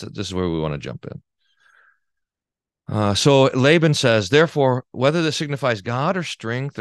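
A man's voice: lowish voice, no echo, clean studio sound. A man, a pastor, teaching a Bible class in a conversational way, reading quotations aloud and commenting with frequent restarts. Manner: lively, restarts often, reads quotations with emphasis.

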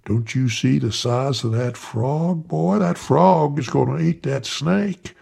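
Guy doing a loud bragging country dude who'll bet on anything, husky gravelly voice. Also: mid-range voice, takes it slowly, pitched above the performer's own voice, full character voice. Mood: scoffing. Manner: loud, scoffing, folksy. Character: boastful country man who loves betting.

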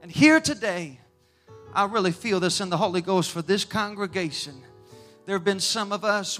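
A male pastor preaches with a high, ringing voice. His delivery swings between hushed, pleading passages and loud, fervent bursts. Soft music plays faintly behind him in the sanctuary. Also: normal speed. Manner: emotional, rising and falling intensity, speaks in tongues. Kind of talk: sermon with altar call. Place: church sanctuary.

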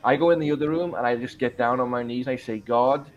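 Talking fast in a medium-pitched voice, this forties-aged pastor gives his personal testimony on a podcast. He is earnest and emphatic, repeating the prayers he once prayed, and the sound is lo-fi.

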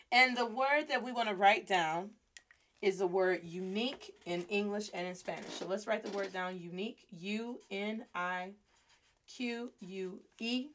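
A woman hosting a lively Spanish lesson, playfully acting out little scenes and drilling words for her class to repeat. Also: mid-range voice, normal speed. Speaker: Spanish teacher and host. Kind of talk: energetic language lesson.

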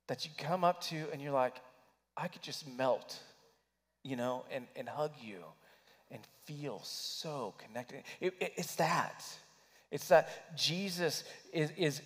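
Male pastor, fairly high voice, preaching with big swings from loud to hushed, long hall reverb. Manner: emotional, swings between loud urging and hushed near-whispers. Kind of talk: sermon.

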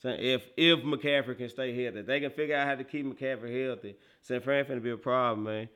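A man hosting a casual livestream, reacting excitedly to football highlights, laughing often and talking straight to his chat. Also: a little fast, clean tone. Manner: excitable, laughs often, bursts into loud outbursts, talks to chat; slangy, animated football banter. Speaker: livestream host.

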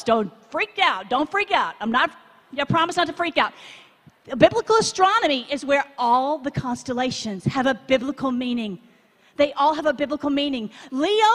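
A woman preaches at a gathering, drawing the audience in with questions and call-and-response. Her voice sits high and bounces all over, and it rings out in a big reverberant hall. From Texas. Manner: animated, chatty, asks the crowd to join in. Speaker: conference speaker. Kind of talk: preaching talk to a live audience.

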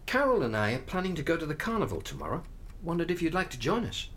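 An actor playing a gentle middle-aged father who coaxes his daughter affectionately. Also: fairly high pitch, sing-song, fast, a little hiss or hum. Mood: coaxing. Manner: coaxing, affectionate. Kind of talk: radio drama acting.

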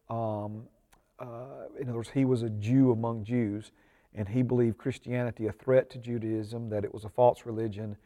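A man's voice: medium pitch, mellow. A man teaching a church discipleship class, earnest and full of ums, rising with emphasis when he reads scripture aloud. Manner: frequent ums and uhs; prays aloud.

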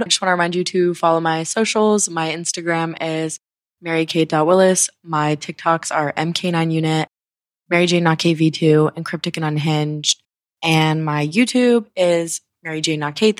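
A young woman in her twenties hosts her podcast in a loose, rambling way, wandering off topic and swearing often. Her slightly low voice sounds irritable, and her throat is sore. It is recorded close on a handheld mic in a dry, dead space. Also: no echo. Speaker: podcast host. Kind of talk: casual podcast chat. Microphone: handheld microphone.

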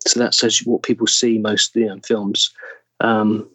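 English male guest: husky, mid-pitched, dead dry close mic, thoughtful and halting. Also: level tone, sharp tone, no room sound. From England. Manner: thoughtful, searching for words, trailing off. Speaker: actor, podcast guest. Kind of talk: casual interview chat.

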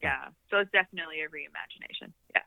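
A woman's voice: low-pitched, fast talker, vocal fry, dry recording, narrow, tinny audio. A woman guest on a podcast chatting casually, giggly and easygoing. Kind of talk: casual interview chat.

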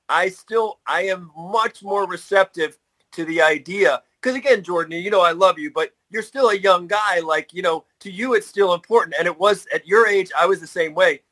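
A man's voice: high-pitched, pushed and bright, low-quality recording. A middle-aged man co-hosting a podcast in casual chat, rambling and restarting his sentences. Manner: rambling, full of restarts and fillers. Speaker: podcast co-host.

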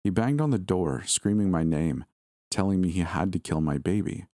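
A man narrating a first-person story in a steady, measured reading. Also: deep voice, no echo, clean studio sound.

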